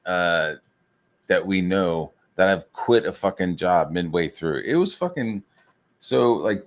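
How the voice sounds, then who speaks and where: A man with a fairly low voice rants casually into his mic, swearing constantly and rambling through one aside after another. His tone stays heated, and he acts out other people's lines as he tells the story. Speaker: show host. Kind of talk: casual ranting monologue.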